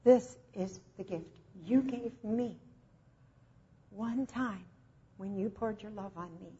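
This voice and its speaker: A woman preacher voicing Jesus as a joyful man overwhelmed with love, in high, emotional exclamations, on a dull lo-fi recording. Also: takes it slowly, warm tone, slightly rough. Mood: tender.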